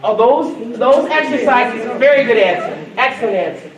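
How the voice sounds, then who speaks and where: A woman's voice: on the high side, moderate pace. Woman keynote speaker, playful and coaxing with a youth audience; distant mic, roomy hall. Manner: lively, coaxing, quizzes the crowd. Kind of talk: interactive talk to a youth audience. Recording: echoey hall from far off, crowd.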